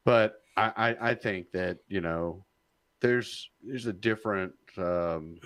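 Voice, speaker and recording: A man's voice: low voice, slow pace, a bit bright, no room sound. A man co-hosting a podcast in casual political discussion, hesitant and repeating words as he searches for them.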